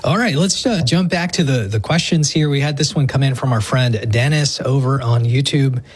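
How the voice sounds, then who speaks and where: A man hosting a podcast, relaxed as he reads listener questions aloud. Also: medium pitch, moderate pace, breathy edge. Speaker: host reading listener questions.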